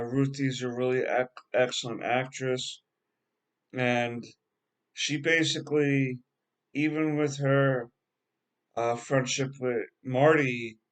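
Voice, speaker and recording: A man casually recapping a TV episode as a reviewer, halting and rambling with frequent filler words and a laid-back, slangy way of talking. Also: mid-range voice. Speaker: TV show reviewer.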